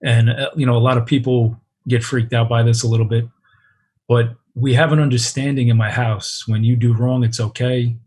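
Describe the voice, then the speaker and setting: A man's voice: mid-range voice, flat delivery, normal speed, darkish tone. A man, a father of several children, talking earnestly as a guest in an interview. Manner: earnest, with frequent restarts. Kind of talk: reflective interview talk.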